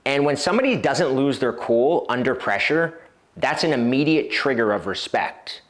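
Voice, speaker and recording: Animated male dating coach. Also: medium pitch, normal speed. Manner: animated storytelling, acting out quoted voices; casual with frequent fillers and restarts. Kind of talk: instructional video talk to camera.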